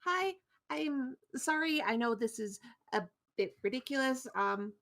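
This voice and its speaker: Woman doing a tired young adventurer, flustered, rambling, high voice. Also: lively intonation, measured pace, a bit bright, exaggerated voice. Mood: apologetic.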